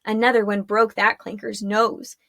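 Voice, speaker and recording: A woman narrating a chapter of a fantasy story in a steady storytelling manner. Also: mid-range voice, normal speed, vocal fry, no room sound, studio quality. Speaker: audiobook narrator. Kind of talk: scripted narration.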